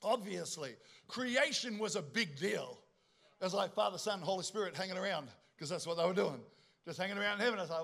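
Aussie pastor guy, middle-aged, kinda high voice, cracking jokes mid-sermon. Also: fairly quick, vocal fry. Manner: animated, joking storyteller with asides to the congregation.

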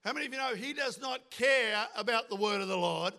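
A man's voice: very high-pitched, fairly quick, pushed and bright. A man preaching a sermon with fervour, asking the crowd questions and acting out quoted voices. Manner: fervent preaching with call-and-response questions, acts out quoted voices. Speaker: pastor.

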